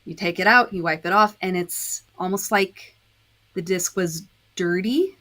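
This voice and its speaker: This woman's voice sits on the low side, with a sharp tone and a measured pace. She's a disc dyer and podcast guest, and in a relaxed chat she lays out her dyeing process step by step, often using fillers.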